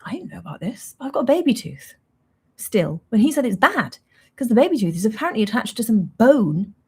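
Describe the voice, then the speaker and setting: A woman's voice: fairly high pitch, big pitch swings, a little fast, dark tone, husky. A young woman hosting a casual livestream, chatting in a rambling, self-mocking way and laughing often. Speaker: livestream host.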